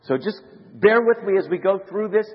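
A man giving a conference lecture to a live audience, telling stories in an animated way. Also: moderate pace, husky. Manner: animated storyteller, rising to high excited shouts. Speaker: conference speaker. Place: large conference hall. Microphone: handheld mic. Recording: lo-fi hall recording with long reverb.

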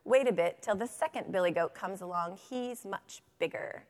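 A woman's voice: mid-range voice, normal speed, natural voice. A woman voicing the tiniest billy goat in a storybook, with a small, pleading voice, in a reverberant hall.

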